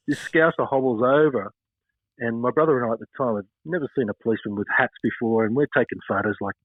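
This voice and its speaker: An Australian man in his fifties, a former cricketer recounting stories at a relaxed, rambling pace. His pitch sits in the middle range. The sound is thin and phone-like, with a dry, roomless quality. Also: fast talker, no echo. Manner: rambling, many fillers, chuckles while telling stories. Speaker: former cricketer, podcast guest. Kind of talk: casual interview storytelling.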